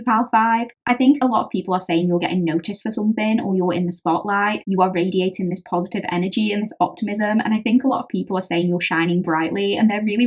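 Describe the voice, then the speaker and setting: British woman, tarot reader, chatty and conversational, mid-pitched, addresses the viewer directly. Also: a little mellow. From Britain. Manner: chatty, conversational, often acting out what others say. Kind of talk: pick-a-card tarot reading.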